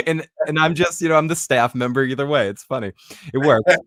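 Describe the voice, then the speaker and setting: Relaxed man chatting, dry close sound. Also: a little high, no echo. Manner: relaxed, halting, with restarts and light laughs. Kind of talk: casual chat.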